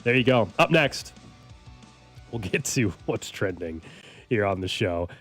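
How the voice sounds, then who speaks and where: A man's voice: lowish voice, lively intonation, a little slow, a bit bright, soft background music. A man hosting a sports radio show, chatting casually with dry teasing and reading segment teases. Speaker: radio host.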